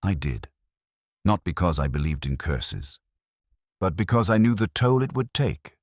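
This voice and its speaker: A man's voice: sits low, sing-song, a little slow, no room sound, clean studio sound, heavily acted. A man voicing a blunt, cynical female choreographer from a ballet company.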